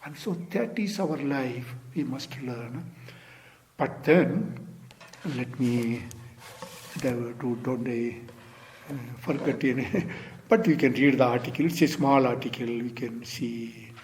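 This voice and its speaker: A man giving an unhurried dharma talk as a Zen teacher, padding with "you see" and "sort of", repeating phrases, and trailing to a near-whisper at phrase ends. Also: mid-range voice, a little mellow, a little hiss or hum.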